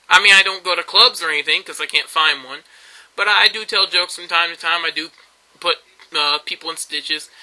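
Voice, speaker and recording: A man's voice: sits high, bright, forceful tone, poor audio. A man, telling rambling stories in a casual vlog monologue, full of fillers and laughs. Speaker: YouTube vlogger.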